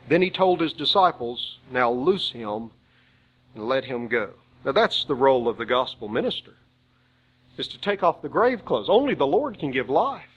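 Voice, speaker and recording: Emphatic male preacher, higher voice. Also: a bit bright, low-quality recording. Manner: slow emphatic scripture reading, rhetorical questions. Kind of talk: sermon.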